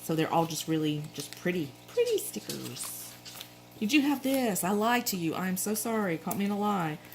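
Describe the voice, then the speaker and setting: A woman's voice: fairly low pitch, lively intonation, normal speed, a little mellow, slight background noise, low-quality recording. A middle-aged woman with a Southern accent, chatting casually as she shows off planner supplies, rambling and correcting herself as she goes. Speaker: planner vlogger. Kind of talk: casual show-and-tell chat.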